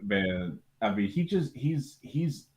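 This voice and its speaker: A man's voice: lowish voice, very animated, slow, darkish tone. A man as a guest in a casual stream chat, talking hesitantly with many restarts.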